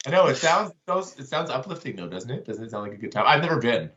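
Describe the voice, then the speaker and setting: A man's voice: mid-range voice, sing-song, fast talker, a bit bright, dull audio, a little hiss or hum. A man in a band, guesting on a casual podcast, joking and teasing with the hosts. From Canada. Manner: joking, teasing, laughs often. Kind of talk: casual chat.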